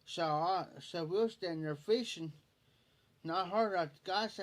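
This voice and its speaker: A man's voice: high-pitched, normal speed. A man telling a long, rambling fishing story on a livestream in folksy rural speech, repeating "I said" over and over. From Ohio. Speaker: livestream host. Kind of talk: casual storytelling.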